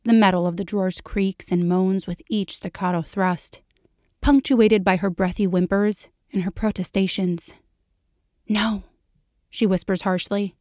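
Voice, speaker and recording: A woman reading a fan fiction story aloud in a steady storytelling manner. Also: mid-range voice, no echo, studio quality. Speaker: reader.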